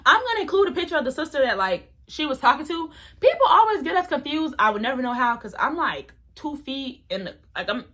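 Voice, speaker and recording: Animated young woman telling a story. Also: sits high, fairly quick, hardly any pauses. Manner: animated, dramatic, slangy. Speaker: vlogger. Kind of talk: storytime vlog.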